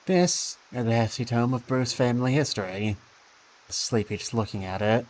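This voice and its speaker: A man's voice: medium pitch, moderate pace, darkish tone, a little hiss or hum, rough recording. A man streaming a game, thinking aloud with dry asides and reading the game text.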